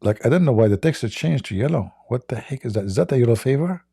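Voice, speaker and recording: Gravelly, sarcastic male livestream host. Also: mid-range voice, expressive, fast talker, mellow, no echo, clean studio sound. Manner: sarcastic, joking, laughs often. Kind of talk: mocking commentary on a video clip.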